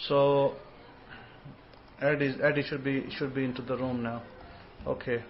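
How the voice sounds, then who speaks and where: A man hosting an informal online scripture lesson, rambling and repeating words, sometimes sounding out syllables slowly. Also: mid-range voice, flat delivery, highs cut off, noisy background. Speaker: host and religious teacher.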